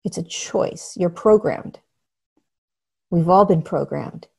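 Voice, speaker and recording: A woman's voice: fairly low pitch, takes it slowly, creaky, mellow, slightly rough. A woman guest speaking earnestly and emphatically in casual conversation as a spiritual teacher, often acting out what people say. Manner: earnest, emphatic, acts out quotes.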